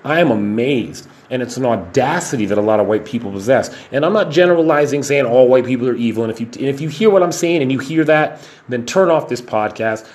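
A man hosting his own podcast, giving an emphatic, impassioned solo monologue with profanity, slowing down to stress points and then speeding up in bursts. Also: medium pitch, animated, a little mellow. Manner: shifts between slow deliberate stresses and rapid bursts. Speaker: podcast host.

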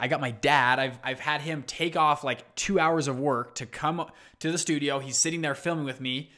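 A young adult man hosting a solo podcast, telling stories in an energetic, chatty way. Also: a little high, fairly quick. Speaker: podcast host. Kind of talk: casual solo podcast talk.

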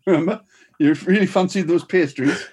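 A man's voice: high-pitched, a little fast, background noise. A middle-aged man chiming in with short remarks and echoing his co-host in casual chat. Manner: chimes in with short agreeing remarks, echoes phrases.

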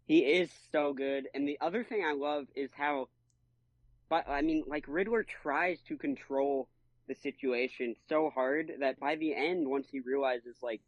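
A man's voice: a little high, unhurried, no room sound. An enthusiastic man chats on a podcast with plenty of slang. He keeps slipping into other voices to act out quotes. His sound is dry and a little muffled, like a cheap lo-fi mic. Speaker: podcast co-host. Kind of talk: casual podcast chat.

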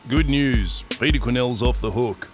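A man voicing a distracted police sergeant who rumbles slowly and absently. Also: close to an everyday voice. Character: absent-minded, unbothered middle-aged male police sergeant. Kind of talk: audiobook character voice. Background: guitar music.

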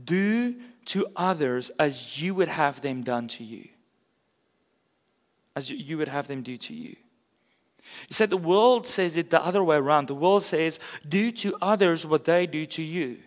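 Male pastor, sermon, casual and earnest, higher-pitched voice, long hall reverb. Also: lively intonation, measured pace, pauses often. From South Africa. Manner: earnest and conversational, with casual asides.

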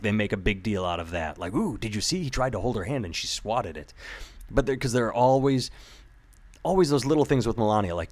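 A man in casual podcast chat, rambling and animated, swearing freely. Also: low-pitched.

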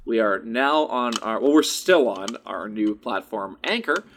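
Young male podcast co-host, lively storyteller, swears a lot, wide pitch swings. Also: unhurried, a little hiss or hum. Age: young adult. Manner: animated storyteller, swears freely, acts out quotes. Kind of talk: casual podcast chat.

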